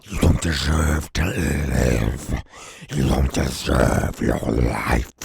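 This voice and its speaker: Possessed hero, abyss-deep gravelly growl, crawling slow, menacing. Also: male voice, very noisy, exaggerated voice. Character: Peter possessed by symbiote, menacing male.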